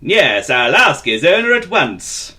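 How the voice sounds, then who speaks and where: Storybook role: a man playing a gentle, solemn railway boss who hums his hmms. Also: on the high side, big pitch swings, takes it slowly, pitched above the performer's own voice, exaggerated voice. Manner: gentle, murmuring hmm. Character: stout kindly male railway boss, solemn and soothing.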